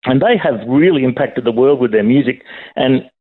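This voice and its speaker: A man's voice: mid-range voice, expressive, moderate pace. A middle-aged man calling in to a radio show, chatty and enthusiastic, joking around with the hosts. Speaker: caller, radio presenter. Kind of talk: casual chat on a phone call. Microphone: phone. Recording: tinny phone line.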